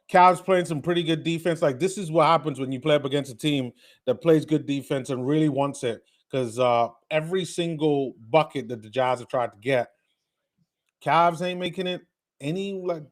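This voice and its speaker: A young man hosting a live basketball watch stream, chatting casually, reading viewer comments and often repeating words. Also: on the high side.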